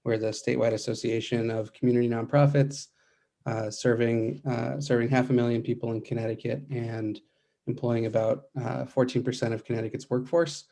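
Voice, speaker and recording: A man, a nonprofit policy advocate, giving formal testimony, measured, with frequent hesitations. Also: mid-range voice, level tone, gravelly, mellow. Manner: measured, many uh fillers.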